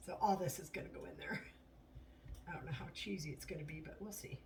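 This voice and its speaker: A woman's voice: on the low side, fairly quick, pauses often. A woman chatting casually while she cooks in her home kitchen, blunt and swearing now and then as she talks to herself. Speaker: home cooking vlogger. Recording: distant mic with audible noise.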